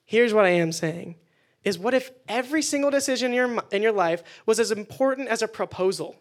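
A man preaching a casual youth sermon indoors to listeners, energetic and conversational with jokes. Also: high voice, a little fast. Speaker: youth pastor. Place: indoor meeting room with listeners.

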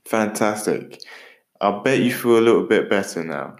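A man's voice: on the low side, moderate pace. Upbeat British man giving work tips. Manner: animated, jokey, talks straight to the listener. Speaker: motivational podcast host. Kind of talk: upbeat motivational talk.

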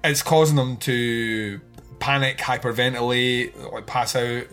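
Man, film podcast co-host, rambling casual chat, swears, mid pitch, faint music behind. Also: fairly even intonation, unhurried, fairly bright tone. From outside the United States. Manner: rambling, frequent fillers and swearing, laughs often.

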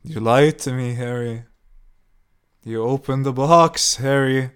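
A man's voice: medium pitch, steady tone, creaky, darkish tone, natural voice. Man putting on a cruel old woman. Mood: screaming. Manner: mock-sweet, then slow and screaming.

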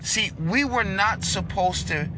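A man in a car delivering an impassioned, preachy monologue, swinging between loud outbursts and low hushed lines. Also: slow pace, background noise.

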